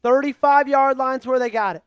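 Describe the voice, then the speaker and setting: A man calling a game live for an online fan stream, hyped and pleading with his viewers, rising to shouts at big plays. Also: very high voice, moderate pace, clear, resonant tone, no echo, dull audio, faint music behind. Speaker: fan livestream play-by-play host. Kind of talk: excitable live play-by-play commentary.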